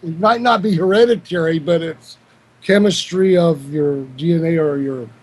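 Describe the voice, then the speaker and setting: A man taking part in a casual group chat, asking questions in a halting, thinking-aloud way. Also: on the high side.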